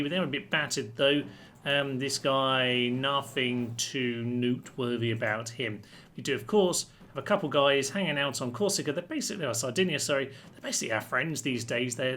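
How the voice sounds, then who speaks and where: A man's voice: medium pitch, bright, forceful tone. A young man hosting a strategy game let's-play, chatting playfully and joking with his units as he plays. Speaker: gaming channel host.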